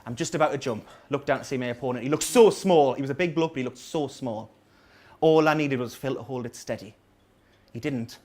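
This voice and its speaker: In a small coffee house before a live audience, a thirtysomething comedian with a Geordie accent from North East England tells rambling, self-mocking stories with dry asides. His mid-range voice is fairly quick and darkish, with a little hiss or hum.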